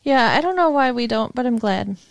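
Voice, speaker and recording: A woman from Minnesota co-hosting a podcast, chatting casually with quick, wry remarks. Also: a little high, animated, vocal fry, no room sound, studio quality. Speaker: podcast co-host. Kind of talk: casual chat.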